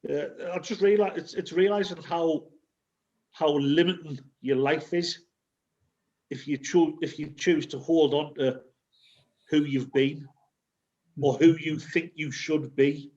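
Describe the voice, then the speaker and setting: A man shares a personal story with a candid, sweary bluntness. His voice sits a little high for a man, and it comes through dull and lo-fi over a video call. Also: steady tone, measured pace, long pauses, darkish tone. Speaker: community group member. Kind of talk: casual group sharing.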